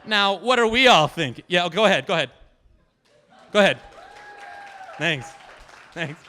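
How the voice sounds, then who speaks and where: Man, live storyteller, animated, lively pitch, slightly high voice, stage mic. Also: moderate pace, a faint crowd. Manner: animated, self-amused, chatty with the audience. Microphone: handheld stage microphone.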